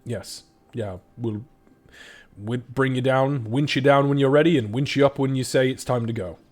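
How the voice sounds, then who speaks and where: A man voicing a slow, obliging male elevator worker who answers with hesitant, dutiful replies. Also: medium pitch, darkish tone, natural voice.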